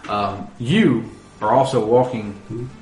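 A man's voice: mid-range voice, slow, darkish tone, distant mic. Rambling male game master, roomy sound. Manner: loose, rambling, with many restarts. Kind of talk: narrating a tabletop game. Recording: roomy echo, faint noise.

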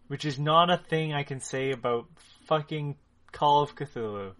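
A man co-hosting a casual gaming podcast over a remote call, joking and animated. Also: fairly high pitch, unhurried. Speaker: podcast co-host. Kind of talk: casual chat.

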